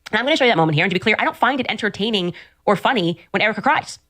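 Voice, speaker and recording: A woman's voice: medium pitch, expressive, racing, a bit bright. A woman hosting an opinionated commentary show, talking in a sarcastic, combative way. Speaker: host.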